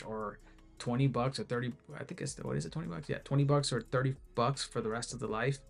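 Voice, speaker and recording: A man talks loosely about the app he built, circling back and restarting his sentences as he goes. His voice sits at a middling pitch with a gravelly, fry-laced edge. Soft music runs faintly underneath. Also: fairly even intonation, fast. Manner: rambling, self-interrupting, many fillers. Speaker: app creator. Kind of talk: casual screen-share talk.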